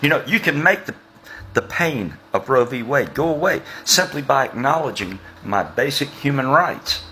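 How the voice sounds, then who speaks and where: A man's voice: medium pitch, expressive, moderate pace, pushed and bright, a little hiss or hum. A man delivering a sarcastic, mocking monologue.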